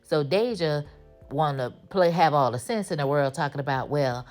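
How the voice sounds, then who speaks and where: With a deep, expressive, darkish-toned voice at normal speed, a woman hosts a casual, sassy TV episode recap, acting out the characters' lines in a chatty way. Faint music plays behind her.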